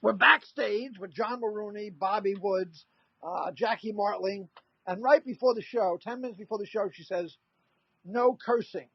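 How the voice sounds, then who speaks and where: Animated older man telling comic stories. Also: high-pitched, normal speed, creaky, breathy edge, dull audio. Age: 60s. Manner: animated anecdote-telling, acts out quoted voices. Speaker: comedian guest. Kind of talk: storytelling in a casual interview.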